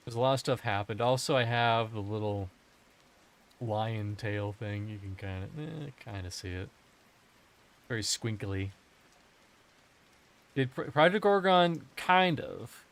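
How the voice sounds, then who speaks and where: Lively intonation marks this fairly low-pitched man's voice as he streams a video game at a measured pace, leaving long pauses. He rambles through casual commentary with jokes and plenty of swearing.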